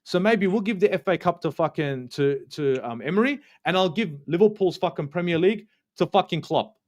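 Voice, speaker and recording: A man with an Australian accent and a voice pitched a little above the usual male range. He hosts a fan match review in a heated, ranting way, cursing freely and hammering points home by saying them twice. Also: expressive, a little fast, darkish tone. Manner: ranting, swears a lot, repeats himself for emphasis. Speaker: football channel host.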